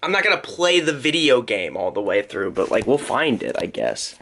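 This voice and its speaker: A young man thinks aloud in his room at home, offering off-the-cuff commentary that drifts along with self-deprecating asides. His medium-pitched voice is very animated, creaky, and a bit bright, moving at a moderate pace with hardly any pauses. A separate microphone synced to the camera captures it, with a little hiss or hum.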